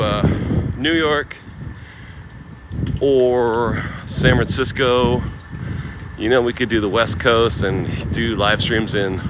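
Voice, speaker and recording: A man casually live-streaming while walking, thinking aloud about travel plans and thanking viewers by name. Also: medium pitch. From United States. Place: outdoors on windy city streets. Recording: outdoor street noise. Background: wind and passing traffic.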